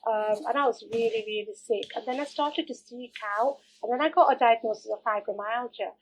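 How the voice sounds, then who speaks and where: A middle-aged woman telling her own story as an interview guest, candid and animated, acting out the things people said to her. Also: fairly high pitch, fairly quick, slight background noise, poor audio. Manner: candid, animated, acts out quoted remarks.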